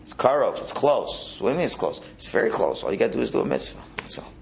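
Male religious teacher, gravelly, very expressive pitch, repeats himself while explaining. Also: quick pace, slight background noise. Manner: animated, repeats words, restarts phrases. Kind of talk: Hasidic Torah class.

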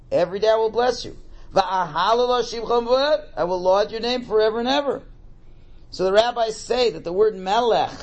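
A man's voice: sits high, husky. A man teaching a class on a prayer text as a religious teacher. He asks questions and answers them himself, and often repeats words as he explains. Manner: animated, asks and answers his own questions.

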